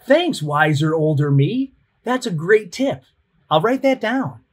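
A man's voice: high voice, sing-song, measured pace, slightly rough, voice pushed up, exaggerated voice. A man voicing an eager, chirpy younger version of himself.

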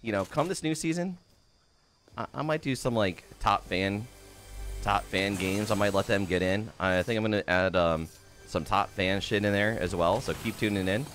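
Low-voiced, excitable male game streamer. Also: moderate pace, soft background music. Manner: profane, excitable, greets chat by name. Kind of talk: live-stream commentary.

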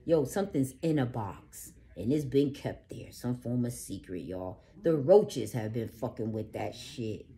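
A woman doing a casual tarot reading to camera, cursing freely and swinging from low murmurs to loud ranting. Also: lively intonation, measured pace, few pauses. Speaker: tarot reader.

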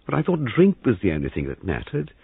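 A man's voice: lowish voice, wildly swooping pitch, fast talker, gravelly, husky, dry recording, pitched above the performer's own voice, heavily acted. A man voicing an anxious young wife who runs a guesthouse, with a flustered, pleading manner, heard in a phone-like, lo-fi reading.

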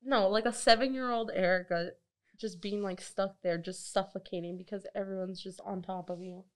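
A young adult woman in a casual group podcast chat, telling stories in an animated way and laughing often. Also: medium pitch, normal speed. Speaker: podcast co-host.

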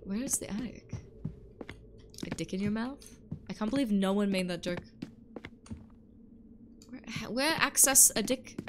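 A woman in her twenties livestreams a game and keeps up a casual, playful chat with her audience, laughing often. She speaks at medium pitch, a little slowly, pausing often, with a bit of hiss or hum in the recording.

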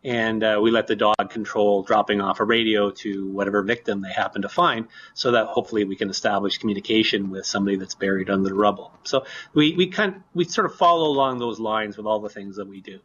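A man explaining his research in a lab during an interview, relaxed, with lots of fillers. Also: fairly low pitch, quick pace, dull audio, slight background noise.

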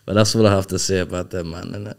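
A man's voice: low voice, steady tone, rapid-fire. A man being interviewed as a guest rapper, talking bluntly in casual chat with heavy street slang. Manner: blunt, street slang, says "bro" and "innit" a lot.

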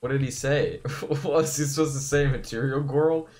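A man's voice: medium pitch, moderate pace, darkish tone. A man streaming a game, chatting casually with friends over voice chat and teasing them with frequent laughs.

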